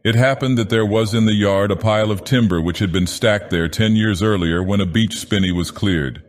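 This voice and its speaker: A man narrating an audiobook in character as an ancient menacing god-villain, with a grave, deliberate delivery. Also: fairly low pitch, lightly acted. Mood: ominous. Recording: long hall reverb.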